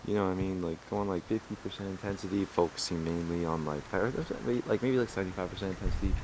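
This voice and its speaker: Young male vlogger, very low voice, loose rambling delivery full of swearing, faint noise behind. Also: fast talker. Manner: rambling, profane, filler-heavy. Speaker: martial arts tricking vlogger. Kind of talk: casual rambling vlog. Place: outdoors.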